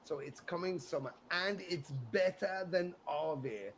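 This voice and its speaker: A middle-aged English man, a rock musician, chatting in an interview as an animated storyteller who acts out quotes and swears freely. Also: a little high, a little slow, slight background noise, low-quality recording. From England. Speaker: musician guest. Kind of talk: casual interview chat.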